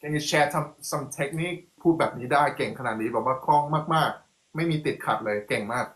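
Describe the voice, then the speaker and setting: Fast-talking man hosting. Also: fairly high pitch, a bit bright, reverberant. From Thailand. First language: Thai. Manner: very fast, switches between English and Thai. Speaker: host. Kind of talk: casual interview chat.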